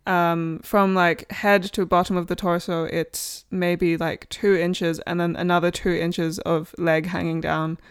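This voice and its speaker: A woman's voice: on the low side, little pitch movement, unhurried, hardly any pauses, clean tone. A woman co-hosting a casual chat podcast, chatty and giggly, rambling a little as she talks. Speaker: podcast co-host.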